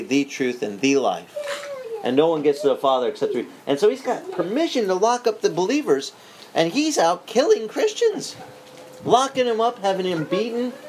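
A man preaching with a slightly raised voice, telling his story in a lively, joking manner and often tripping over and restarting his words. Faint birdsong drifts in behind him. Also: on the high side, a little hiss or hum, low-quality recording. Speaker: pastor. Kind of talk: sermon.

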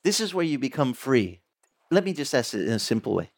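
A middle-aged man, a pastor, preaching a sermon with animated storytelling and acted-out dialogue. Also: medium pitch, a little fast. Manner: animated storytelling, acting out dialogue in varied voices.

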